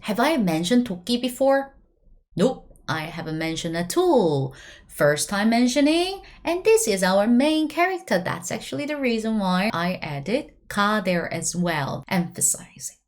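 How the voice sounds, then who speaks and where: Lively Korean-accented woman teaching. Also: medium pitch, unhurried. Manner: lively, chatty explaining with frequent "right?" check-ins. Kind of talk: video language lesson.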